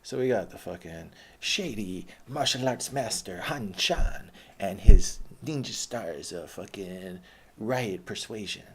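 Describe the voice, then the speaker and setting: Podcast host, male, young adult: low gravelly voice, loose profane rambling, slight room noise. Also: lively intonation, slow, a bit bright. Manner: rambling, heavy swearing, laughs often.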